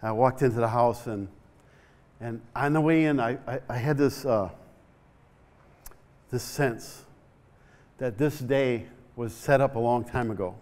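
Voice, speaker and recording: A middle-aged male pastor telling a story in a church sermon, repeating his words and rising to shouts. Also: medium pitch, measured pace, pauses often.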